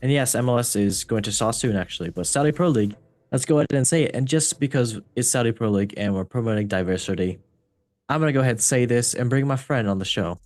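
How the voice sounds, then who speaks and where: A man's voice: mid-range voice, quick pace, a little mellow, no room sound. A man hosting a casual football podcast who reads results in an upbeat, breezy way and often falls back on stock phrases. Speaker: host.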